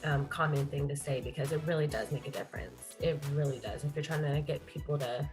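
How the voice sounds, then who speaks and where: A woman's voice: sits low, fairly quick, music in the background. A woman with a Pacific Northwest accent hosting a podcast, chatting casually with lots of fillers. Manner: chatty, many fillers, laughs easily. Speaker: podcast host. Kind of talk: casual chat.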